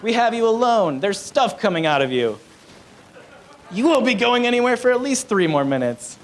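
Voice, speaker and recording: A man squeaking as a pair of needy, leering pet cats. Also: sing-song, normal speed.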